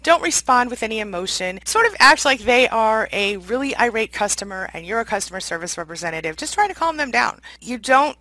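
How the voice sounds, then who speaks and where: Woman host with a bright, forward tone, direct and earnest as she explains. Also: on the high side, big pitch swings, a little fast, hardly any pauses, low-quality recording. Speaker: YouTube channel host. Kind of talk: advice video monologue.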